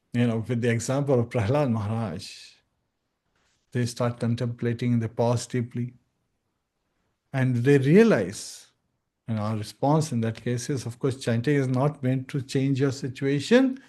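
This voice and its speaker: A spiritual teacher gives an earnest, devotional talk on scripture, now and then slowly chanting phrases and acting out brief dialogues. His voice sits at medium pitch with a warm tone.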